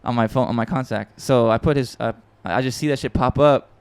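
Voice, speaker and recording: A man hosting a podcast, telling a story in a casual, excitable and rambling way with frequent swearing and restarts. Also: mid-range voice, a little fast, clean tone. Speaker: podcast host and music producer.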